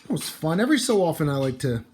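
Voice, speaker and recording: A man with a slightly high, very animated, somewhat mellow voice opens booster packs at a quick pace, sleepily yawning and muttering card names offhandedly. It's casual unboxing commentary, with a little hiss or hum in the recording.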